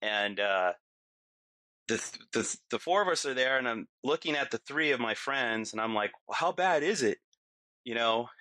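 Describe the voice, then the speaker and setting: A man's voice: medium pitch, moderate pace, dry recording. A middle-aged man, a podcast guest, telling a vivid story casually with lots of fillers. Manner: vivid, lots of fillers, acts out his own yelling.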